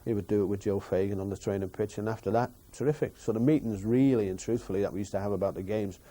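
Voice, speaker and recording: A man's voice: fairly low pitch, fast talker, dark tone. A former player in a documentary interview, recalling his manager and acting out quoted speech. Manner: anecdotal, acts out quoted speech.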